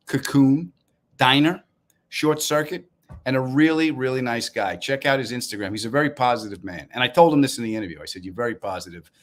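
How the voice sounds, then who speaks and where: A man with a Long Island New York accent, a comedian hosting a casual live stream, telling stories in a wry, deadpan way with asides to viewers. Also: mid-range voice. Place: apartment room, indoors.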